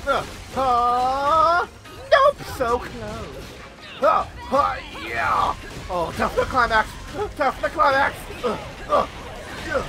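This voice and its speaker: A young man giving casual, excitable commentary while playing a video game, swearing and repeating lines from the game. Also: very high voice, slow pace, over music, crowd noise. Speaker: gameplay video host. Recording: loud game soundtrack behind.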